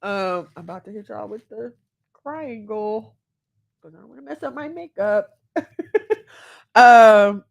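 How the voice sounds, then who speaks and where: A woman's voice: medium pitch, animated, slow, gravelly, long pauses. A woman giving heartfelt self-help advice as a mother, speaking earnestly and acting out the voices she quotes. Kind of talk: candid self-help monologue.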